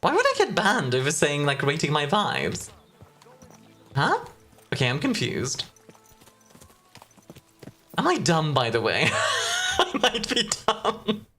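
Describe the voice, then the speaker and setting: A woman's voice: low voice, wildly swooping pitch, slow, long pauses, fairly bright tone, faint music behind. A young woman streaming a game in casual chat, playful and self-mocking, often breaking into laughter.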